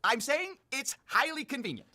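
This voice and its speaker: An online commentator recapping internet drama in a played video, sarcastic and quick. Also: sits high, sing-song, pushed and bright.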